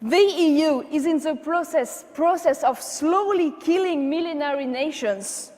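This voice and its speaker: A woman's voice: high voice, measured pace, a little mellow. A woman from France with a French accent giving an impassioned political speech at a conference, speaking English as a second language. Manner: impassioned, emphatic oratory. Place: large conference hall. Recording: long hall reverb.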